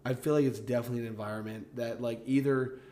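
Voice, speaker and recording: A man's voice: mid-range voice, fast talker, a little hiss or hum. A young man from the American South with a Southern accent, chatting casually and telling stories with lots of "like" fillers. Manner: relaxed storytelling with frequent "like" fillers. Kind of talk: casual chat.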